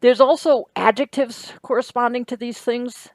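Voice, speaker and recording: With a slightly high, darkish voice and fairly even intonation, a woman speaks at normal speed, and there's no room sound. She teaches Greek grammar in a recorded lecture, explaining step by step, asking "right?" from time to time, and correcting herself as she goes.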